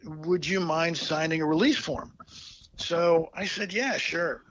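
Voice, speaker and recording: A man telling a personal story as an interview guest, halting and heartfelt, with many fillers and restarts, on a dull lo-fi recording. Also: on the high side, fairly bright tone.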